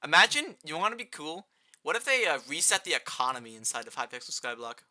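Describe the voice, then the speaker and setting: A young man chatting casually on a live gaming stream, rambling and answering chat, with a fairly high-pitched voice and keyboard clicks near his desk mic. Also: fast talker. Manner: rambling, answers chat, rising excited outbursts.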